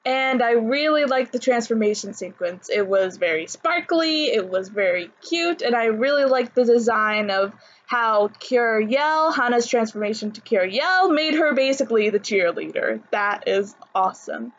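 A woman's voice: fairly high pitch, expressive, normal speed, hardly any pauses, dull audio. A woman talking casually in a vlog, chatty and full of fillers and restarts. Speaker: anime vlogger.

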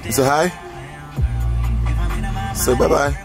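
Relaxed, slangy young dad vlogging. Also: male voice, a little high, slow pace, gravelly, over music, low-quality recording. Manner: relaxed, slangy, playful teasing with his children. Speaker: vlogger and father. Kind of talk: casual vlog chat.

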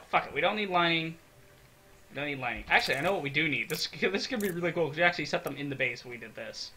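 A young man giving excitable, swear-filled let's-play commentary, talking to himself as he builds in a game. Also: fairly high pitch, a little hiss or hum. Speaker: gaming video creator.

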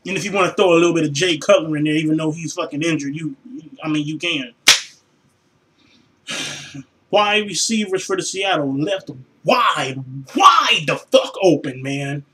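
A fed-up man rants in his room, his voice sitting high and bright. He sighs heavily, drops into weary mutters, then bursts into profane shouts. It is a raw, unscripted fan vlog. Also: animated, moderate pace, a little hiss or hum, low-quality recording. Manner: profane, exasperated, sighing, swings between mutters and shouts. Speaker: vlogger reacting to a football loss. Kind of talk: angry fan rant.

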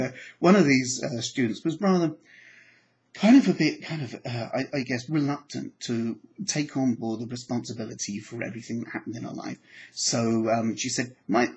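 A man with an ordinary mid-range voice tells stories from his hypnotherapy classes. He shifts between lively anecdote, acting out the people he quotes, and the slow, soothing cadence of trance work. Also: medium pitch, rough recording. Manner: storytelling, acts out quoted dialogue, soft hypnotic phrasing. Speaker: psychology trainer and hypnotherapist. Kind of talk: anecdotal teaching talk.

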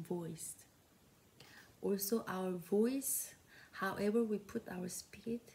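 Brief: young Korean-accented woman, counseling teacher, slow soft whispery delivery, gravelly edge, faint hiss behind. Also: medium pitch. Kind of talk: soft-spoken teaching talk.

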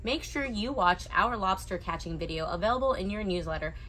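A woman's voice: medium pitch, expressive, brisk, fairly bright tone, a little hiss or hum. A woman co-hosting a dive shop video newsletter, chatting casually and tossing in wry asides. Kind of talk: casual promotional newsletter chat.

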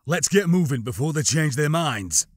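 A man's voice: fairly high pitch, animated, normal speed, no room sound, studio quality. A man voicing a bold, decisive male soldier who leads his group in a firm, commanding way.

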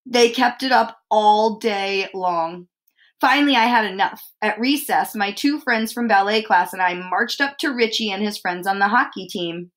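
A woman teacher reading a picture book aloud to children, expressive and stopping to ask them questions. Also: mid-range voice, moderate pace.

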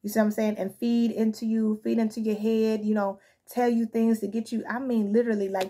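A woman's voice: fairly high pitch, flat delivery, a little fast, few pauses, dark tone, husky. A woman giving a casual spoken tarot reading, talking frankly and conversationally and often asking "you know what I'm saying.". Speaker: tarot reader.

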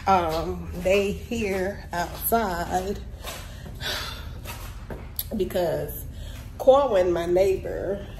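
A woman's voice: on the low side, extremely slow, long pauses. A woman hairstylist talking casually and emotionally to her vlog viewers from her salon, chatty and slangy, calling them y'all. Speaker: hairstylist and vlogger. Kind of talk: casual vlog talk to camera. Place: her salon shop, indoors. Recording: noticeable background noise.

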